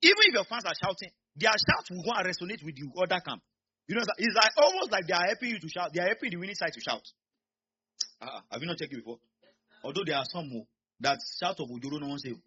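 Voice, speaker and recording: A man with a Nigerian accent preaching a sermon, swinging from quiet asides to loud shouts. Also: high voice, expressive, quick pace, highs cut off, a little hiss or hum.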